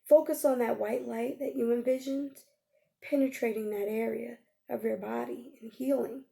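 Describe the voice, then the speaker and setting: A woman coach guides listeners through a healing exercise, her voice sitting a little high but heavily gravelly with vocal fry. Her tone is mellow and relaxed rather than bright. She speaks gently and coaxingly, drawing out phrases and checking in often with a soft "okay?". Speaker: life coach.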